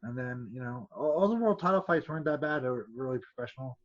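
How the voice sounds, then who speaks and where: A man guest telling fight stories in a casual chat. He is an animated storyteller who restarts and repeats words. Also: medium pitch, fast. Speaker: kickboxer guest. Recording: dull lo-fi podcast sound.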